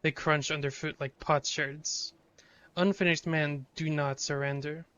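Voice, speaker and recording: A man's voice: a little high, level tone, a little slow, pushed and bright, lo-fi sound. A man streaming a video game live, reading its text aloud and reacting with sudden swearing.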